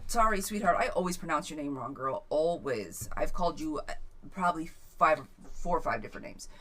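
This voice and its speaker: Woman tarot reader on a live stream, slightly low voice, casual and chatty. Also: animated, brisk, sharp tone. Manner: chatty, repeats viewers' questions aloud, stumbles over words. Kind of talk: live-stream chat reading viewer questions.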